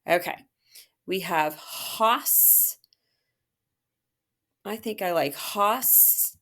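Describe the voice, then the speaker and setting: A woman teacher goes through a phonics worksheet, slowly and patiently sounding out syllables and praising the listener. Her voice is medium-pitched with a sharp tone, and she stays encouraging throughout this phonics lesson walkthrough.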